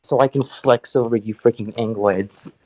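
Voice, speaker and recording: A man's voice: mid-range voice, steady tone, moderate pace, warm tone, poor audio. An American man chatting casually, telling stories and teasing, often swearing. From United States. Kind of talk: casual chat.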